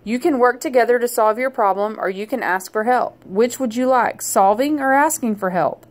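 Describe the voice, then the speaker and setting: A woman's voice: fairly high pitch, moderate pace, natural voice. A woman voicing a big friendly beetle in a children's storybook, emphatic and eager to help. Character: big friendly beetle, flustered then helpful. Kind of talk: children's storybook read-aloud.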